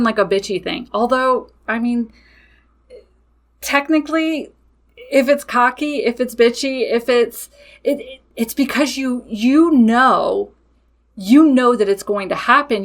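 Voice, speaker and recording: A woman's voice: fairly high pitch, fairly bright tone. Blunt, matter-of-fact woman podcast host. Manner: blunt, matter-of-fact, laughs and swears freely. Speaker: podcast host and witchcraft business owner. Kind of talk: casual podcast monologue.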